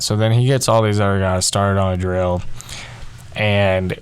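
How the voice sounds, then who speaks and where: Young guy on his podcast, lowish voice, rambles a lot with fillers. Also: flat delivery, slow, long pauses, smooth. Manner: rambling, heavy on fillers like "like" and "you know". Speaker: podcast host. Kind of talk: casual storytelling.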